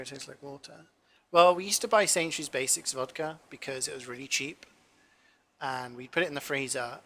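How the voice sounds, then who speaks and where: Guy, twenties, cooking streamer; bright, forward tone, loose rambling anecdotes full of ums and swearing. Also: mid-range voice. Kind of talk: casual chat while cooking.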